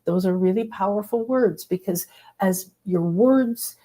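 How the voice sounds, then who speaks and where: A woman with a voice of ordinary pitch hosts a spiritual workshop. She teaches in a casual, lively way and brings real enthusiasm to what she says. Now and then she acts out little voices. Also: a little slow. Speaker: host leading a spiritual workshop.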